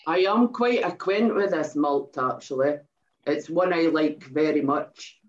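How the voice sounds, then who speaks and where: Scottish woman as co-taster, measured and hesitant, mid-pitched voice, muffled recording. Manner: measured and hesitant, with many restarts. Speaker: co-host and taster. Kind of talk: casual tasting chat.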